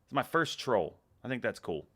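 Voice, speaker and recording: Sipping beer on his relaxed livestream, this Texas-accented host chuckles as he reads out viewer comments. His mid-range voice is sing-song and sharp in tone, moving at normal speed.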